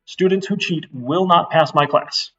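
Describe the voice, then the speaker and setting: A man's voice: on the high side, a little slow, fairly bright tone, slightly rough, distant mic, highs cut off, soft background music. A middle-aged man giving a casual, blunt course intro lecture to a class, getting worked up as he talks. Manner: blunt, chatty, gets worked up. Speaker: university instructor.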